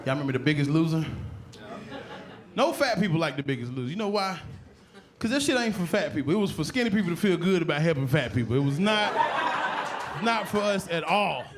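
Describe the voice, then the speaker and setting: A man doing a stand-up comedy set, telling loose, profane stories and jumping into loud shouted voices. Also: on the high side, lively intonation, fairly quick, pauses often. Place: comedy club stage before a laughing crowd. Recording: live show with loud crowd laughter and noise.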